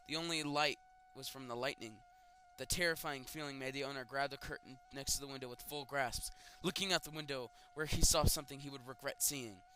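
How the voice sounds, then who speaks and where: A young man reading creepypastas aloud and mocking them with sarcastic comments and loud outbursts. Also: on the high side. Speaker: creepypasta reader. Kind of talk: comedic dramatic reading with commentary.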